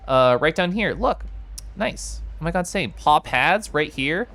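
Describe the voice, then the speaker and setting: A man's voice: on the high side, expressive, measured pace, gravelly, fairly bright tone. Giggly, bubbly male game streamer. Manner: bubbly, giggly, reads chat aloud. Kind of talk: casual live-stream chat while gaming.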